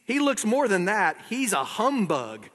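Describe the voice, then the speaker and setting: A man's voice: sits high, wildly swooping pitch, a little slow, fairly bright tone, big-room sound, voice pushed up, full character voice. A man voicing a blunt, firm straw man from a storybook.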